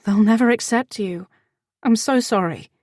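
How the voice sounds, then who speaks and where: A woman's voice: a little high, moderate pace, darkish tone, no echo, studio quality, pitched above the performer's own voice, close to an everyday voice. A woman voicing a young, anxious and loving royal woman, speaking in a heartfelt, pleading way. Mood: distressed.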